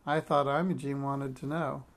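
Storybook know-it-all girl, smug and prim, voiced by a gravelly-voiced man. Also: mid-range voice, flat delivery, normal speed, close to an everyday voice. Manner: smug, prissy.

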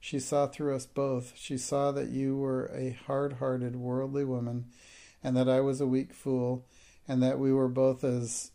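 A man's voice: medium pitch, completely flat delivery, a little slow, gravelly, dark tone. A man reading the part of a timid middle-aged schoolmistress, her lines turning tearful and hysterical. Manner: pleading, breaking into hysterical outbursts.

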